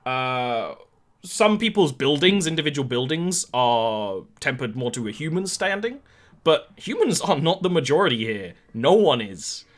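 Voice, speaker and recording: A man's voice: fairly high pitch, big pitch swings, measured pace. A man narrating as game master of a tabletop game, with easygoing, rambling descriptions full of fillers.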